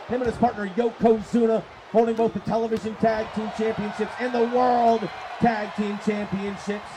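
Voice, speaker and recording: A man calling live wrestling play-by-play, excitable and profane, often shouting. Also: high voice. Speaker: play-by-play commentator. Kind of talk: live wrestling commentary on a stream. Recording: streamed commentary over crowd noise.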